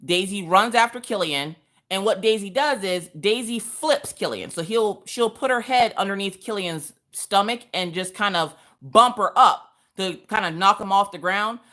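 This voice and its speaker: A woman hosting a craft livestream, telling a story in a sassy, blunt, animated way. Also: medium pitch, moderate pace. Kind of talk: casual storytelling chat.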